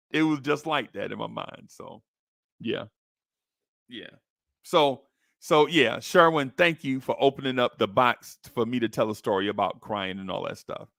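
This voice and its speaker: Podcast host, man, mid-pitched, storytelling with lively put-on voices, dry close mic. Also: normal speed, creaky, no echo. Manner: animated, acts out quoted voices with high pitch jumps. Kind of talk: casual storytelling.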